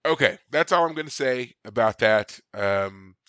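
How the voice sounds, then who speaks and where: A man's voice: mid-range voice, a little slow, clear, resonant tone, dry recording. A man co-hosting a podcast in casual chat, telling stories animatedly and acting out quotes. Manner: animated storyteller, acts out quotes. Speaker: podcast co-host.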